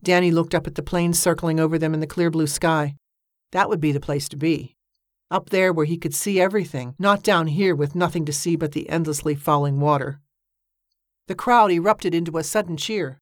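Female audiobook narrator, measured and steady, lower voice, dry close sound. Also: dry recording.

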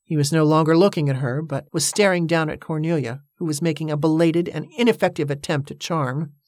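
A narrator reading a historical novel aloud in a measured, even way. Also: mid-range voice, no room sound, studio quality. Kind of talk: audiobook narration.

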